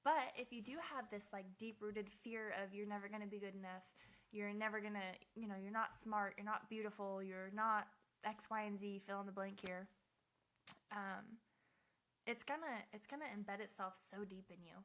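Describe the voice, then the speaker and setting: A woman in her twenties speaks in a heartfelt, earnest way and repeats key phrases for emphasis. Her voice is bright and clear, at an ordinary middle pitch. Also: steady tone, moderate pace. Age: 20s. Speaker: motivational speaker. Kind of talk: personal motivational talk.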